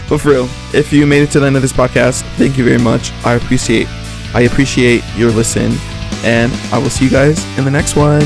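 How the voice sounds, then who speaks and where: A man's voice: mid-range voice, moderate pace, vocal fry, pauses often, no room sound, studio quality, soft background music. A man hosting his own podcast alone, rambling casually with jokes and lots of fillers. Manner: rambling, joking, self-mocking, full of "like". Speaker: podcast host. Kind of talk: casual solo podcast chat.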